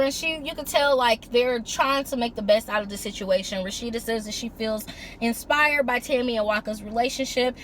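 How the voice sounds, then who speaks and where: A woman's voice: sits high, a little hiss or hum. A woman recapping a reality TV episode in a casual, chatty way, mixing summary with blunt, sassy opinions. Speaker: reality TV reviewer.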